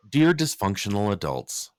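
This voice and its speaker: Low-voiced man, very lively delivery. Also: dry recording, studio quality. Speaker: podcast co-host. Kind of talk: casual chat, reading listener mail aloud.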